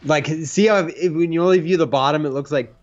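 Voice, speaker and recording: A man's voice: on the high side, fast talker, highs cut off. A man co-hosting a retro game show, bantering casually and wryly with jokes while his partner plays. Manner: wry, joking interjections.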